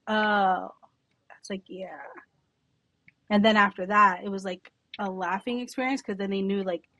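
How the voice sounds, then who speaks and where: A young woman who runs a salon, chatting casually on a podcast in a sarcastic, animated way and swearing freely. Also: medium pitch, no echo. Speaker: salon owner and boss.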